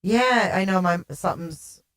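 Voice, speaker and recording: A woman's voice: mid-range voice, measured pace. A woman hosting a casual livestream, chatting and reading viewer comments aloud, her voice sounding odd, warbly and echoey. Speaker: livestream host.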